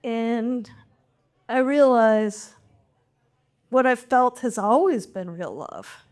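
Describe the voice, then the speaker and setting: A middle-aged woman with a high voice tells a personal story live on stage. She is wry and animated, and she pokes fun at herself as she goes. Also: takes it slowly. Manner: wry, animated, self-mocking.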